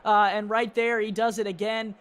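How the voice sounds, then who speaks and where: A man's voice: high-pitched, flat delivery, normal speed, fairly bright tone, slight background noise. A man giving color commentary on a football game in a joking, chatty way. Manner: joking, chatty, many fillers. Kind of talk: sports commentary.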